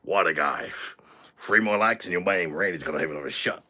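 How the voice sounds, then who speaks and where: Guy putting on a sloppy drunk bro, low husky voice with a sharp edge, crude and cocky. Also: brisk, exaggerated voice. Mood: boastful. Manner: crude, rowdy, swaggering banter. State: tipsy from shots. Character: crude boastful drunken American man. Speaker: livestream host. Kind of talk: live stream chat in character.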